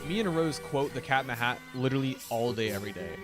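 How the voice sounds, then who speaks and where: A man hosting a livestream, reviewing music submissions in a loose, rambling way, swearing often and filling pauses with ums and uhs. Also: mid-range voice, expressive. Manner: loose, rambling and profane, many fillers. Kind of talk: casual livestream commentary.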